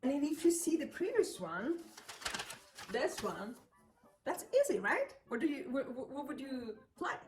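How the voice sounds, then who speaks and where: A woman's voice: high-pitched, sing-song, measured pace, darkish tone. A woman giving a beginner piano lesson, patiently counting beats and chanting rhythm syllables aloud. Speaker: piano teacher.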